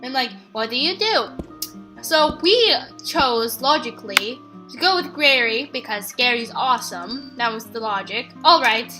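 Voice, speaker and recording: A young woman with a high, bright voice recaps a spooky game for her channel, talking fast and eager and slipping into little voices for the characters. Soft game music plays underneath. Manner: chatty, excitable, acts out characters' lines. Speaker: gaming channel host. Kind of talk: let's play commentary.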